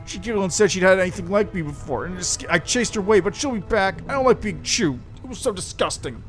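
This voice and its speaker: A man's voice: sits high, expressive, fast, soft background music, voice pushed up. A man doing a whiny spoiled demon queen. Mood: sulky. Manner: whiny, pouting, childish.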